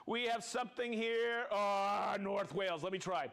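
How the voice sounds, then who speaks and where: Jovial high-voiced male show host. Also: measured pace, a bit bright. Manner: jovial, chatty, laughs often. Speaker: host of a live product show. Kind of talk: casual live-stream chat, reading out viewer names.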